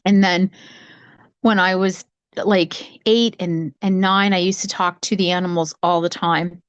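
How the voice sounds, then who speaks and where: A woman talking casually from home on a video call, telling a childhood story in a rambling, animated way with many restarts. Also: on the low side, a little slow, clean tone, no echo, highs cut off. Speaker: psychic medium sharing her story. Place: home, cat nearby.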